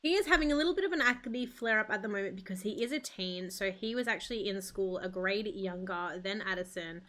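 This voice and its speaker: Bright-voiced woman narrating gameplay. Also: mid-range voice, a little fast, hardly any pauses. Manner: chatty, storytelling. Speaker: gaming video host. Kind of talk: narrating a life-sim game.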